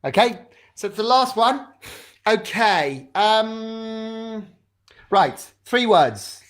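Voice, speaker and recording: A man's voice: high-pitched, expressive, drawn-out words, a bit bright. A man leading a drama club over a video call, chatty and encouraging as he fumbles with the setup.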